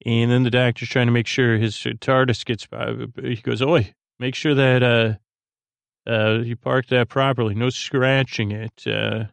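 A man's voice: mid-range voice, creaky, clean tone, no echo. A man hosting a sleep podcast, recapping an episode in a meandering, filler-heavy way. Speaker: podcast host.

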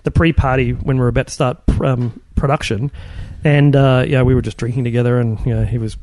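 A man's voice: medium pitch, steady tone, fairly quick, darkish tone, dry recording. A middle-aged man, a guest in a casual interview, rambling with many restarts as he recalls his work. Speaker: guest, film puppet and props builder.

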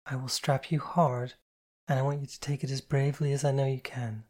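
A reader voicing a stern yet tender woman in charge, speaking in quiet, low, measured commands. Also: little pitch movement, lightly acted.

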